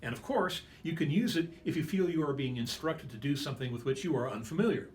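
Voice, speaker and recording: Measured male instructor narrating a lesson. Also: on the high side, expressive, darkish tone, slight background noise. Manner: measured, explanatory.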